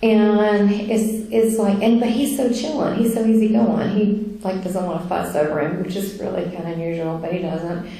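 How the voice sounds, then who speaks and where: Chatty woman recounting an experience; gravelly mellow tone, heavy room echo. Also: mid-range voice, normal speed. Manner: chatty and animated, many fillers, laughs while telling. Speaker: speaker sharing a near-death experience. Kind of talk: casual spoken testimony. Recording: very echoey room.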